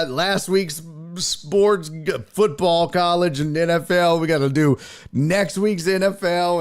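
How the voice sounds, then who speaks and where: A man hosting a sports talk show, chatting casually in an animated, profane way that jumps between tangents. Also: fairly high pitch. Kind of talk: casual chat.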